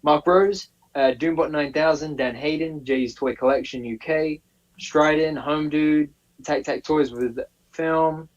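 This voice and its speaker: A man co-hosting a live stream, easygoing, reading out chat names in a steady list. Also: on the high side, measured pace. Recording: distant, muffled call audio.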